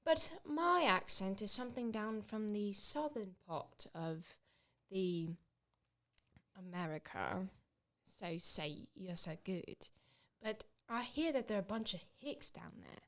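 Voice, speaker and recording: A woman's voice: mid-range voice, expressive, slow, fairly bright tone. A woman playing a prim, mock-indignant British woman with a put-on British English accent in a comedy sketch.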